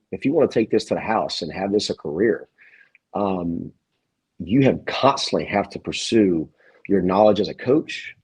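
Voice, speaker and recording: A man's voice: low-pitched, darkish tone, husky, low-quality recording. A man who owns a gym, talking as a podcast guest in a rambling, emphatic way with many restarts. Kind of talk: casual interview chat.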